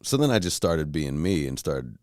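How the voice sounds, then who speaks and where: Low-voiced man ranting profanely. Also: very animated, normal speed, darkish tone, no echo, clean studio sound. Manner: profane, blunt, heated storytelling. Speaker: podcast host. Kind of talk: casual monologue rant.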